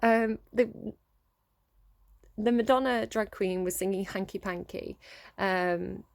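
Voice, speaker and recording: A woman's voice: medium pitch, steady tone, takes it slowly, creaky, pauses often. A woman giving a casual intuitive tarot reading, rambling and tentative as she thinks aloud. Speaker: tarot reader.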